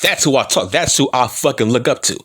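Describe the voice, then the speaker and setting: A man's voice: medium pitch, animated, brisk, a bit bright, breathy edge. A man from California with slurred, mushy speech and stutters, ranting as a wrestling vlogger in a taunting, profane heel-style promo. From Compton, California. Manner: taunting, combative, swearing often.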